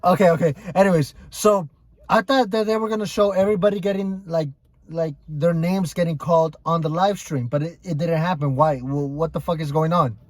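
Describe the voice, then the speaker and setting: A man's voice: on the high side, steady tone, brisk, no room sound. A young man hosting a casual podcast, talking loosely and profanely and often repeating himself. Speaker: podcast host.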